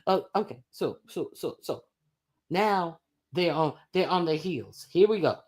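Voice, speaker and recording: A woman's voice: lowish voice, animated, measured pace, darkish tone, breathy edge. Profane, sarcastic woman commentator. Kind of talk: reaction commentary.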